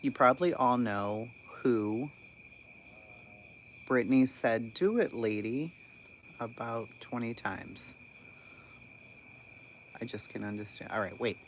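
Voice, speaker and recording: A man talks slowly and casually about online drama. He sounds incredulous and animated and laughs often. The recording is dull and lo-fi, with insects chirping steadily behind him. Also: mid-range voice. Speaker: channel host. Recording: dull lo-fi sound with constant background noise.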